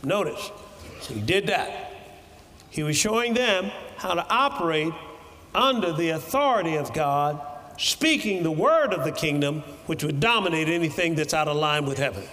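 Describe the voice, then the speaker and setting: A man preaching a sermon in a church, animated and breaking into shouted bursts. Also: a little high, moderate pace, long reverb tail.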